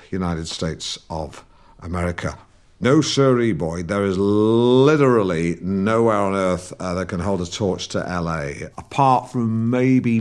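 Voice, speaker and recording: A man playing a pompous, awkward middle-aged broadcaster who hosts a podcast, rambling and stumbling over his words in a comic monologue. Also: sits low. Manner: pompous and rambling, full of hesitations and restarts. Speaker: podcast host. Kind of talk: scripted comedic character monologue.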